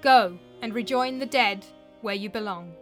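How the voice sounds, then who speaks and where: Woman voicing a young male chieftain, nervous, loud, cracking voice, storybook reading. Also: mid-range voice, measured pace, soft background music, natural voice. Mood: commanding. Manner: loud, strained, breaking voice.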